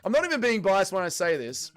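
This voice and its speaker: A young man hosting a casual watch-along stream, his voice fairly high and swinging widely in pitch as he reacts and swears. Faint music plays behind him. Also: fast talker. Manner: animated, swearing, reacting to chat. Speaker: livestream host.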